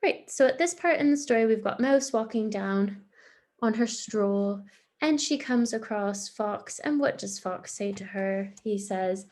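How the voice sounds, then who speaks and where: A woman's voice: mid-range voice, fairly even intonation, moderate pace, creaky, slight background noise. A woman, a primary school teacher giving a recorded online lesson to young children, patient and encouraging as she explains step by step.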